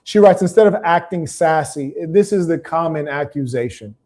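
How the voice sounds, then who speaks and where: A man's voice: fairly high pitch, expressive, moderate pace, darkish tone. A man hosting a livestream, delivering a preachy, combative monologue and reading out viewer comments, with emphatic repetition. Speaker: live stream host.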